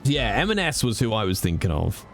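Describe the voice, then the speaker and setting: A man's voice: on the low side, very animated, fairly quick, soft background music. A British man who streams, talking with his viewers in a chatty, joking way. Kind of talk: casual chat with viewers.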